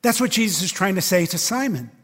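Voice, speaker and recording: A pastor delivering a sermon to his church in a slightly higher-than-usual male voice. He talks conversationally and leans on emphasis, often checking in with the congregation through quick rhetorical questions. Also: expressive, a bit bright, big-room sound. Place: church service.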